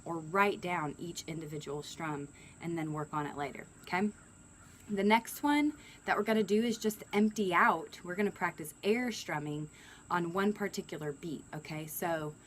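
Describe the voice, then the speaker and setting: A woman giving a relaxed music lesson, explaining strum patterns and counting beats aloud. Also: lowish voice, a little hiss or hum, poor audio. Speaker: ukulele and guitar teacher. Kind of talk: instructional lesson. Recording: ukulele playing loud under the voice.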